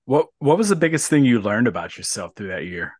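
A man's voice: mid-range voice, sing-song, a little fast, darkish tone, no echo. A male podcast host with a mid-range voice who chats easily and asks questions without fuss. The sound is dry and close, with no room around it. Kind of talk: casual interview chat.

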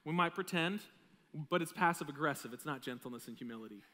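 A high, bright male pastor preaching a sermon, loose and conversational, teasing his congregation between points. His voice rings out with a long reverb through a big church hall. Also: expressive, fast talker. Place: church sanctuary with a live audience.

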